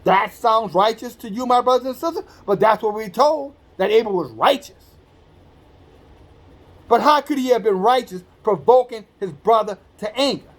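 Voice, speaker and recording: High-pitched blunt street preacher man. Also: animated, normal speed. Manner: blunt, streetwise, profane commentary; acts out quoted speech in a conversational voice. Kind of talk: informal sermon with scripture reading.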